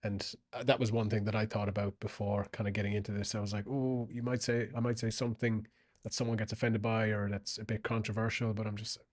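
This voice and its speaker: A man with a somewhat low voice hosts a podcast in casual conversation. He talks in a relaxed, thoughtful way and often lets his sentences trail off. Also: fast talker, hardly any pauses. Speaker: podcast host.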